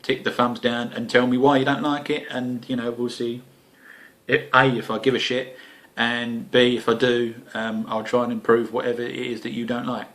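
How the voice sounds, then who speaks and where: A man's voice: mid-range voice, flat delivery, moderate pace, a bit bright. A man with an Essex accent, hosting a homebrew video in a cheeky, joking, casual chat full of fillers. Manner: cheeky, jokey, lots of fillers and swearing.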